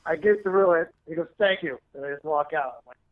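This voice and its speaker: Fast-talking, profane comedian telling stories. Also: male voice, on the high side, narrow, tinny audio. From San Francisco area. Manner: animated, profane storytelling with acted-out quotes. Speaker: comedian guest. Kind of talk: storytelling in casual interview.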